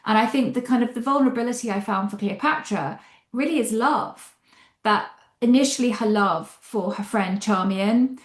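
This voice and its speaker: A woman novelist answering interview questions about her writing, speaking in an animated, expressive way and thinking aloud as she goes. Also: on the high side, normal speed. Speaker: novelist discussing her book. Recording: roomy echo.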